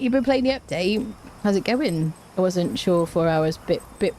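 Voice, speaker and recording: A woman's voice: fairly low pitch, expressive, moderate pace, mellow, slight background noise. A young woman, chatting playfully and laughing often as she live-streams a game. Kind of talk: casual live-stream chat while gaming.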